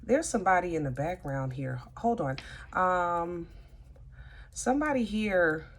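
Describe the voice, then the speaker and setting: Woman, tarot reader, lowish voice, casual and chatty, talks back to her cards. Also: animated, measured pace.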